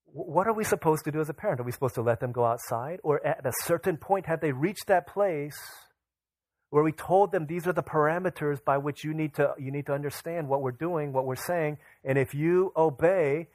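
A man's voice: fairly high pitch, a little fast, no room sound. Storytelling young man preaching a sermon. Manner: storytelling, acting out his children's voices. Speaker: pastor.

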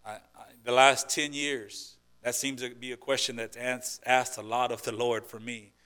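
Addressing the congregation in a clear, resonant, medium-pitched voice, this preaching pastor keeps a level tone at normal speed. He talks conversationally, poses rhetorical questions, and alternates loud emphasis with quiet asides.

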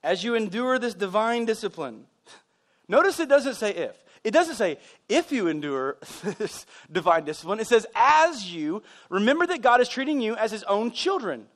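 A man's voice: very high voice, moderate pace. A man preaching a conversational sermon, telling stories and making asides as a pastor. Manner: conversational, animated storytelling with asides.

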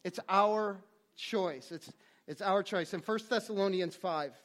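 A man's voice: high voice, measured pace, fairly bright tone. A man preaching a sermon, earnest, often repeating words as he restarts his phrases. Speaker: pastor.

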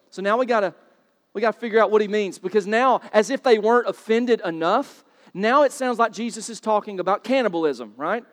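A man preaching a sermon, asking rhetorical questions and rising to loud, emphatic bursts. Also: sits high, a little fast, big-room sound. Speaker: pastor. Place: church sanctuary.

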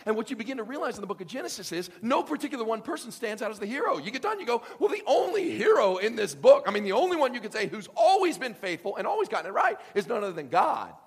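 A man preaching a sermon to a congregation, joking and acting out voices with lively energy. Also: very high-pitched, quick pace, few pauses, breathy edge, long reverb tail. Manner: animated, joking, acts out voices. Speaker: pastor.

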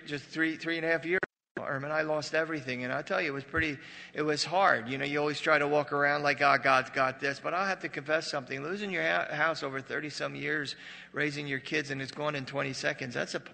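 A man in his sixties, a pastor preaching a sermon and sharing a personal story with emotion, swinging from loud emphatic peaks to hushed grief. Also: mid-range voice, gravelly. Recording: reverberant hall.

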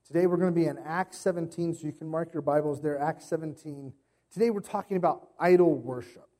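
Conversational man preaching, mellow voice. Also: fairly high pitch, a little fast. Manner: conversational storytelling with playful impressions. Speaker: pastor. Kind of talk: sermon.

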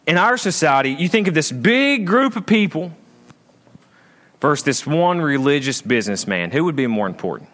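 A male pastor preaching a sermon in a church, swinging between raised emphatic lines and low, quiet asides. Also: big pitch swings, moderate pace.

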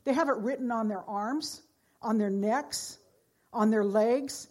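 A woman's voice: on the high side, a little slow. Earnest woman preaching a sermon. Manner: earnest, swings from loud exhortation to hushed storytelling. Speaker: pastor.

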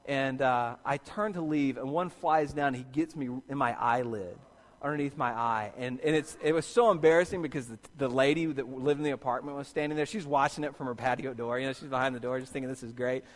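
A man's voice: mid-range voice, fairly quick. A man preaching a sermon, telling a personal story animatedly and acting out his own reactions. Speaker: pastor. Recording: long reverb of a hall.

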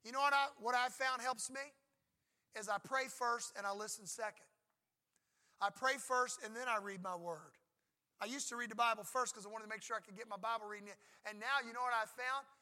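A middle-aged pastor delivers a sermon in a high, very bright and ringing voice, well above the typical male range. He speaks fairly quickly and conversationally to his congregation, presses hard on key points, and briefly acts out voices for prayers and for God's replies.

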